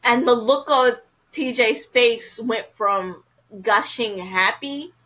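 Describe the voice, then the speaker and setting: A woman's voice: fairly high pitch, slow pace, a bit bright, poor audio. A woman casually reviewing a TV episode, chatty and frank, filling her talk with "you know".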